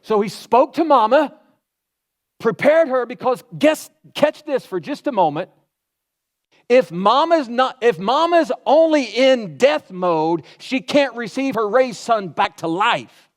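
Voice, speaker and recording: A man's voice: very high voice, lively intonation, takes it slowly. A man preaching a sermon in a conversational way, asking the crowd questions and acting out quotes. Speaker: pastor.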